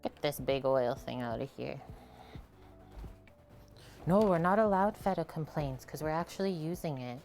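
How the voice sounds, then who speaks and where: A woman with a lively, up-and-down voice sits a touch low in pitch as she chats her way through a live cooking stream. She talks to viewers and her partner while working at the stove, and faint music plays behind her. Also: normal speed, long pauses. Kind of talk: casual live cooking chat.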